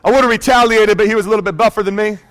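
A man's voice: high-pitched, racing. A man in his thirties preaching a sermon, telling a personal story and calling out to the congregation. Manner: animated storytelling, calls out to congregation. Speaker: pastor.

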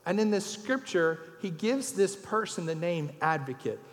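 A man's voice: high voice, very animated, normal speed. A man, preaching a folksy sermon as a guest speaker and telling jokes. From Louisiana. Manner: folksy storyteller, raises his voice for punchlines. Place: church sanctuary. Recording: long church hall reverb.

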